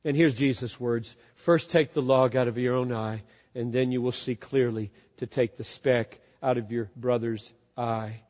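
A man preaching a sermon as pastor, emphatic, repeating key words and swinging from loud to hushed. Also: mid-range voice, fairly even intonation, measured pace. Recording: dull lo-fi sound with long hall reverb.

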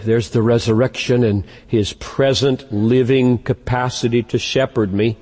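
A man preaching a sermon as pastor, emphatic and slowing down to stress key words. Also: mid-range voice, steady tone, darkish tone. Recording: long hall reverb.

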